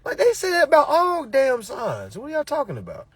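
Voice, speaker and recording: A man's voice: very high-pitched, wildly swooping pitch, fairly quick. A man giving a preachy motivational talk to his followers, emphatic and repetitive, with blunt profanity. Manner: emphatic, repetitive, peppered with "all right?" and profanity. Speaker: motivational speaker.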